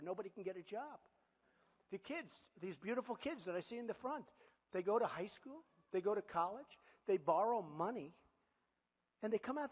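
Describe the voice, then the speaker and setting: A man in his sixties speaks at a campaign rally with a raised, fairly high pitch for a man. He boasts, repeats himself and turns to the crowd with offhand asides. His voice rings out with a long reverb in a big hall. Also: darkish tone. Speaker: political candidate.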